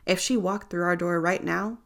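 A woman's voice: on the low side, fairly even intonation, moderate pace, vocal fry. A woman reading the part of a heartbroken man whose voice trembles as he pleads for advice, in an audiobook. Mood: pleading. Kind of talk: audiobook narration.

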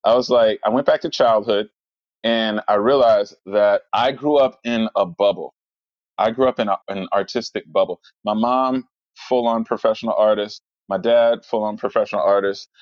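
A man's voice: lowish voice, moderate pace, dry recording. Chatty man rambling thru stories, lots of um and like, dry kinda muffled mic. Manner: rambling, animated storyteller with many fillers. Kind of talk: casual chat.

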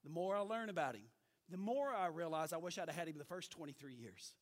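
A middle-aged man preaching as pastor, folksy and animated, asking the congregation for amens. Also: a little high, a little fast. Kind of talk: sermon.

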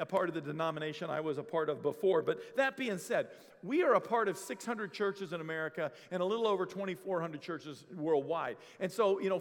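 Male senior pastor from Maine, high voice, animated and humorous sermon delivery, church with long reverb. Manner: conversational, animated storytelling with humor. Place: church sanctuary.

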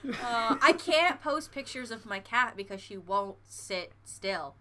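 Woman on a podcast, brightish higher voice, laughs a lot, keeps restarting her sentences. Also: slow pace, a little hiss or hum. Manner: giggly, animated storyteller; trails off and restarts mid-sentence. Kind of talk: casual chat.

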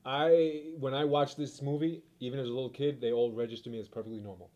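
A man's voice: medium pitch, quick pace, dull audio. A man with a New York accent, talking casually and with enthusiasm as a podcast co-host discussing a movie. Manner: animated, enthusiastic, repeats himself.

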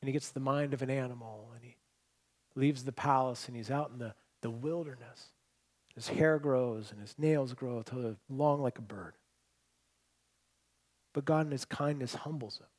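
A man preaching a sermon as pastor, telling stories, shifting between loud emphatic points and quiet, hushed lines. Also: medium pitch, moderate pace, pauses often. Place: church hall with congregation.

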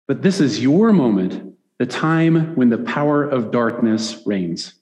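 A man at middle pitch preaches a sermon. He reads the passage aloud and then drops into loose, chatty asides that end in "right?". His voice rings out with the long reverb of a large hall. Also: animated, a little slow, few pauses, a little mellow. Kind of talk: sermon reading scripture with commentary.

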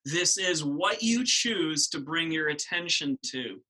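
A middle-aged male pastor preaching an Easter sermon, conversational and animated, often asking the congregation questions. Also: a little high, takes it slowly, low-quality recording.

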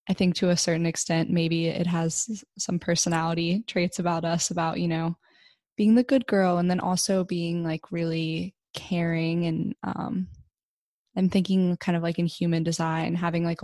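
Low woman with gravelly fry, chatty. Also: a little mellow, no room sound, studio quality. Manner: chatty, many fillers like "like" and "um". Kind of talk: casual podcast chat.

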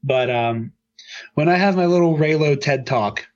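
A man's voice: a little high, a little slow, dull audio. A man co-hosting a casual podcast chat, talking upbeat and rambling with lots of fillers. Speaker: podcast co-host.

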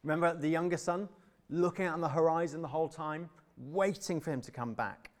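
A man's voice: a little high, a little fast. Earnest man preaching a sermon. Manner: earnest, emphatic, drops to soft tender tones.

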